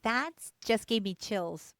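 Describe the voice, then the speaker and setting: Woman podcast host, laid-back chatter, smooth voice, dry close sound. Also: medium pitch, takes it slowly, dry recording. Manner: relaxed, chatty, fills with "like" and "man". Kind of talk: casual chat.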